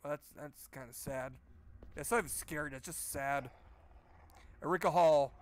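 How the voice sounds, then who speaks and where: A man's voice: on the high side, moderate pace, long pauses, clean tone. A man giving sarcastic, profane let's play commentary while playing a horror game. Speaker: game streamer.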